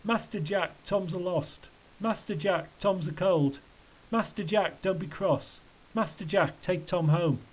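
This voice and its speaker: A man's voice: a little high, unhurried, a little mellow, rough recording. A man voicing a wretched, childlike male tramp who wails in sing-song rhymes for a storybook reading. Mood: wailing. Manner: sing-song rhyming wail.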